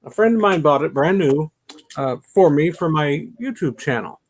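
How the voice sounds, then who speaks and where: A man's voice: a little high, expressive, normal speed, slight background noise. A middle-aged man hosting his own channel from a home basement, chatting casually to the camera in a rambling, self-deprecating way and muttering to himself. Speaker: YouTube channel host.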